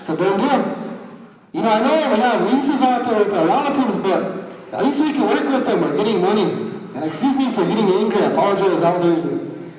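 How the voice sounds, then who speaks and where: A man's voice: sits high, lively intonation, a little fast, a little mellow. A man speaking as a tribal councilman at a public meeting, angry and blunt, stumbling over repeated words when heated. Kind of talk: impassioned public speech at a meeting. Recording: echoey hall sound from far off.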